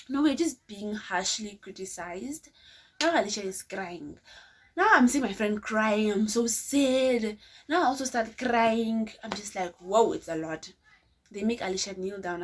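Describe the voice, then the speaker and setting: A woman's voice: medium pitch, slightly rough. A woman vlogger telling a story to her viewers in a chatty, casual way, often addressing them as guys.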